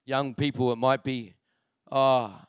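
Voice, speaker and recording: A man's voice: a little high, unhurried, clear, resonant tone, no echo, studio quality. A man preaching a sermon as a pastor. He drives his points home by repeating phrases and putting rhetorical questions to the congregation. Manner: emphatic preaching, repeats key phrases for stress. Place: church.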